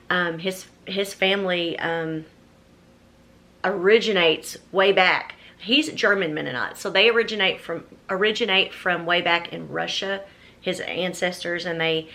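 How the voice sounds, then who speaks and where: A woman's voice: fairly low pitch, sharp tone. A woman chatting casually on camera while unboxing a gift box, gushing and exclaiming often. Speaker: vlogger.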